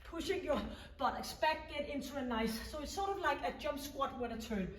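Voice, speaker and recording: A woman's voice: high voice, lively intonation, a little fast, background noise. A woman leading a home workout, counting down reps and encouraging the listener as she coaches. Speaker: fitness instructor. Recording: echoey room, mic at a distance.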